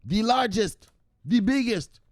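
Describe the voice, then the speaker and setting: A man putting on a voice of an overexcited guy yelling crypto news at his woman, shouting and stretching out his words. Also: high-pitched, lively intonation, dry recording, pitched above the performer's own voice. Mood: hyped. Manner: shouting, repeating "look, look", drawn-out words.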